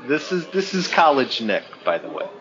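A man's voice: mid-range voice, sing-song, normal speed, fairly bright tone. A man co-hosting a podcast, telling a story in casual chat and laughing along the way. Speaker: podcast co-host. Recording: dull lo-fi audio.

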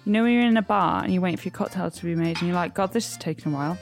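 A woman's voice: lowish voice, racing, gravelly, faint music behind. A woman co-hosting a podcast, bantering playfully and teasing her co-host in casual chat.

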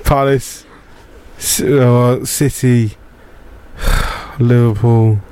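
A man's voice: mid-range voice, fairly even intonation, very slow, warm tone, smooth. Jokey male sports co-host. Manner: jokey, spins comic tales. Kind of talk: casual sports chat.

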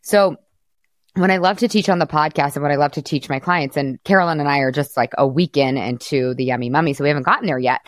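A woman's voice: deep voice, quick pace, no echo, studio quality. A woman in her thirties, a podcast host coaching a client, upbeat and patient, laughing often as she explains. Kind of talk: coaching conversation.

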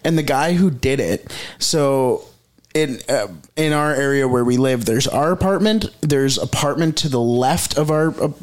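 A male podcast co-host chats casually, rambling and hesitating with many restarts. His voice is mid-range and his speed is normal.

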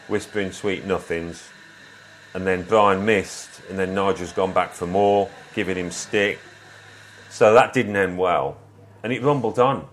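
A low-pitched man from England looks back on his playing career in an unhurried interview, slipping into quoted remarks from others as he goes. A faint hiss of background noise sits under the recording. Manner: reflective, anecdotal, quotes others. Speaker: former footballer, interview guest. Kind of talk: relaxed storytelling interview.

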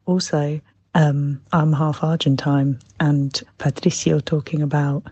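A caller in their twenties leaves a giggly, rambling voicemail. The voice is husky and a little breathy, recorded dry and close. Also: mid-range voice, level tone, a little slow, a little mellow, dry recording, dull audio. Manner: giggly, self-mocking, rambling. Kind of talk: voicemail to a podcast.

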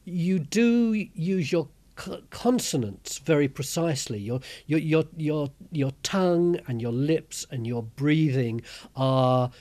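An older man hosting an interview, speaking in a halting way with frequent word repeats. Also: on the high side, lively intonation, darkish tone. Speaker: host. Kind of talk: conversational interview.

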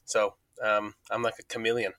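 A man's voice: on the low side, little pitch movement, moderate pace, fairly bright tone, dry recording. A man co-hosting a podcast in casual, jokey chat, teasing himself and his partner. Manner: chatty, jokey, self-deprecating. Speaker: podcast co-host. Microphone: studio microphone.

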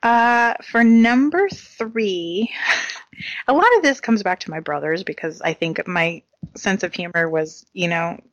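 A woman's voice: medium pitch, measured pace, dry recording, dull audio. A woman co-hosting a casual talk show, chatting in a giggly way about silly comedies. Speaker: podcast co-host.

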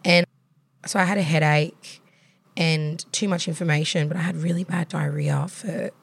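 Chatty Australian woman, lowish voice. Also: steady tone, normal speed, creaky, slightly rough. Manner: chatty, frank storytelling with swearing and laughs. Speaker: podcast host. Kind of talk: casual chat.

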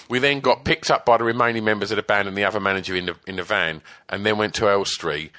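A man's voice: lowish voice, quick pace, few pauses, pushed and bright. A man casually telling a story about his band days, swearing freely and laughing as he goes. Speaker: storyteller guest, former band member. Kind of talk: casual anecdote.

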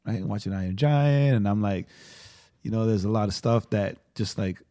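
Excitable man telling stories on a podcast. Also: on the low side, moderate pace. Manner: excitable storyteller, many "like" and "right?" fillers. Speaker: podcast co-host. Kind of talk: casual chat.

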